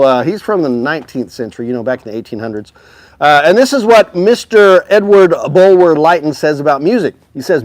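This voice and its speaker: A man's voice: high-pitched, no room sound. A man hosting a live music store stream, chatting upbeat and straight to his viewers about instruments. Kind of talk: casual live-stream sales chat.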